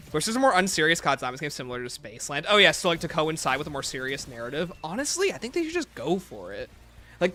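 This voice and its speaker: Male streamer, slightly high bright voice, casual joking banter over faint music. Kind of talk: live gameplay commentary, reading chat. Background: faint game music playlist.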